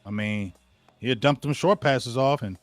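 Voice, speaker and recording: A man's voice: mid-range voice, normal speed, dry recording, soft background music. A man hosting a sports show, ranting casually and talking straight to his viewers during a live game watch-along. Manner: ranting, addresses viewers directly; casual slangy talk. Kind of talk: live play-by-play rant while watching a game.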